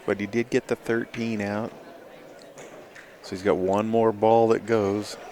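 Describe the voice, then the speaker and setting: A man giving measured, laid-back play-by-play commentary on a pool match. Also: lowish voice, little pitch movement, dark tone, slight background noise.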